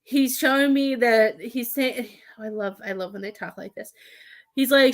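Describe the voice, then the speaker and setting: A woman giving a live psychic reading as a medium, talking in halting, rambling bursts with many restarts. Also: fairly high pitch.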